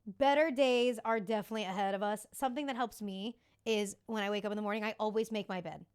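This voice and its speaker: A woman's voice: mid-range voice, fast talker, clear, resonant tone. A woman in her thirties hosting a podcast, talking casually, candid and confiding, with the odd swear word. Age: 30s. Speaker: podcast host. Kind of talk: casual chat.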